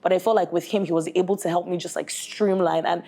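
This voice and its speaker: A young Nigerian woman, a guest bride, tells a story in casual conversation, speaking fast in a lowish voice. She's an animated storyteller who leans heavily on "like" and "literally."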